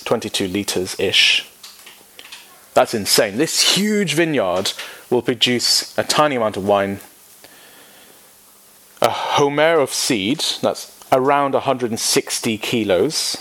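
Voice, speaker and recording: A man's voice: lowish voice, a bit bright. A man teaching a Bible study lesson, emphatic and repeating key words for effect, with wry asides.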